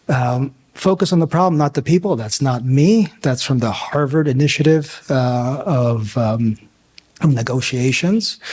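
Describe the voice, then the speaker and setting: A man speaking as a physician coach at a conference, conversational and lively, now and then acting out quoted dialogue in loud bursts. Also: fairly high pitch, slightly rough. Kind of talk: conference talk. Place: conference room.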